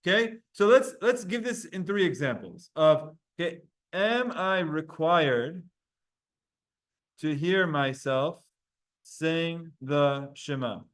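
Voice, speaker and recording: A man teaching a Talmud class online, energetic and quick, putting questions to his students. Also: on the high side.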